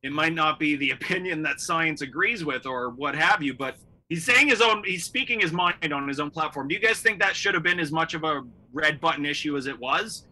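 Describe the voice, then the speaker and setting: A man's voice: a little high, expressive, brisk, pushed and bright. A man hosting a comedy podcast, chatting casually and rambling with frequent laughs. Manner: rambling, laughs often, lots of restarts and "I mean". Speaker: podcast host.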